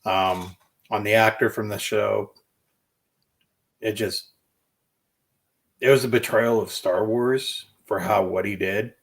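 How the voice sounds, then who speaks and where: A man's voice: lowish voice, vocal fry. A man giving blunt, opinionated takes in a casual chat as a co-host.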